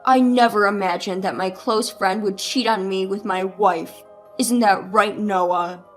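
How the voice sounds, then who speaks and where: A woman voicing a furious husband, a gruff former troublemaker confronting his friend. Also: mid-range voice, fairly even intonation, unhurried, soft background music, pitched below the performer's own voice, close to an everyday voice. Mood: angry. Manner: angry, confronting.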